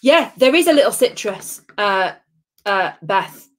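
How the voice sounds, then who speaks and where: A chatty woman runs a live tasting stream from home. Her voice sits at a middle pitch, and she keeps up a bubbly, friendly chatter, calling out viewers by name between sips. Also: animated, a little slow. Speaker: host of a live gin tasting.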